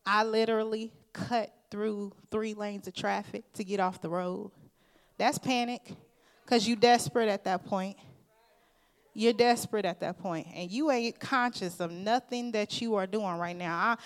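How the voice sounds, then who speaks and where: A woman's voice: medium pitch, moderate pace. Earnest woman preaching with emphatic storytelling. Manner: earnest, emphatic storytelling, addressing the congregation as "y'all"; informal, conversational phrasing. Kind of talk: sermon with personal testimony.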